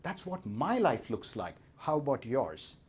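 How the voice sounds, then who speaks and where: A man's voice: mid-range voice, big pitch swings, unhurried, husky, exaggerated voice. A man with an Indian accent playing a contented, carefree Mexican fisherman who tells of his easy, leisurely day.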